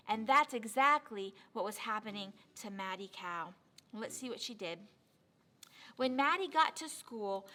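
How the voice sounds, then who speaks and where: Bright-voiced woman telling a kids' story. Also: sits high. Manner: animated, addresses kids directly. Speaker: children's church storyteller. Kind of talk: storytelling to children.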